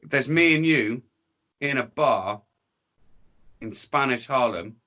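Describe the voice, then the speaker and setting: A man's voice: mid-range voice, lively intonation, slow pace, bright, forceful tone. An English man telling a rambling, sweary story in casual podcast chat, breaking into voices for the people in it. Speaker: podcast guest.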